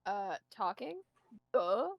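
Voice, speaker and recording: A woman playing in a tabletop game on a live stream, teasing and matter-of-fact, quick to laugh. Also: mid-range voice, sing-song, gravelly, muffled recording, slight background noise. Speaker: player. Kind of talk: casual chat at a tabletop game.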